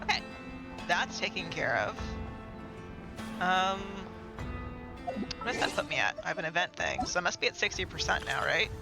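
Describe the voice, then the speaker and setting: A man's voice: high voice, animated, moderate pace, long pauses, poor audio. A man streaming a game live, chatting casually and rambling to himself and his chat. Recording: game music clearly behind.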